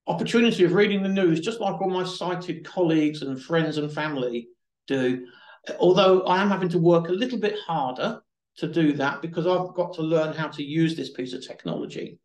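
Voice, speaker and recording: A man's voice: fairly high pitch, moderate pace. A man presenting a webinar, patiently explaining and demonstrating phone accessibility features, now and then restarting a phrase. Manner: patient, explanatory, repeats himself at times. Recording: echoey room.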